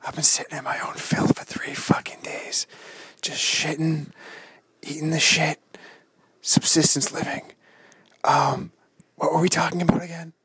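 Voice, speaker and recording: A man's voice: a little high, completely flat delivery, slow, pauses often, bright, forceful tone, husky, no room sound, voice pushed up, heavily acted. A man playing an unhinged Bigfoot hunter hiding out in the woods, whispering and ranting with crude swearing. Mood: whispering paranoid. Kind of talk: comedy sketch call-in bit.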